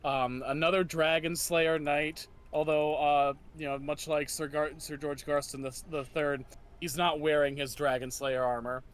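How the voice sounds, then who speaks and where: A man narrating as game master of a tabletop game, halting with many restarts and laughing often. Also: on the high side, level tone, clean tone.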